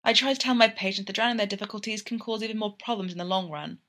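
A woman's voice: mid-range voice, fast, a bit bright, close to an everyday voice. A woman voicing a frank female doctor with a dry, friendly manner.

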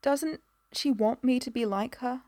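A woman's voice: sits high, unhurried, warm tone, dry recording, pitched above the performer's own voice. A woman voicing an earnest, anxious young woman.

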